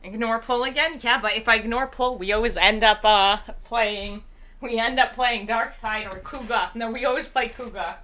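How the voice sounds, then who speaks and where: A woman's voice: a little high, moderate pace, sharp tone. A woman live-streaming games, chatting casually and rambling, her voice tired and strained. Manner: chatty, rambling, reads chat aloud. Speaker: game streamer.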